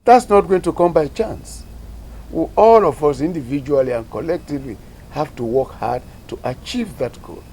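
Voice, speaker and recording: A man's voice: fairly high pitch, expressive, moderate pace, a little mellow. Man, formal earnest speaker; faint noise behind. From Sierra Leone. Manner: earnest, declarative. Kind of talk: formal speech.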